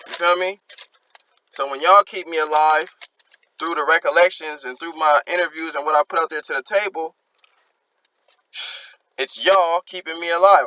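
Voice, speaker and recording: A man's voice: on the high side, fairly even intonation, moderate pace, long pauses, sharp tone, slight background noise, rough recording. A young man casually breaking down rap lyrics, reflective and earnest, dropping slang and reciting lines as he goes. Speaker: music reaction host.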